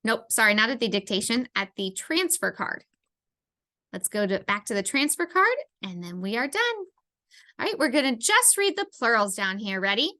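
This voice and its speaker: A woman's voice: fairly high pitch, big pitch swings, pushed and bright. A woman teaching a phonics lesson to children, sounding out words sound by sound. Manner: slow, sounding out words letter by letter.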